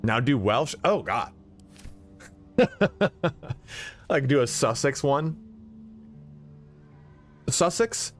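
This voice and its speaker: A man's voice: mid-range voice, lively intonation, takes it slowly, pauses often, soft background music. A young man streaming a video game, chatting casually and sleepily, rambling with lots of "like" and swearing. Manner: rambling, profane, heavy use of "like". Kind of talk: casual live-stream chat while gaming.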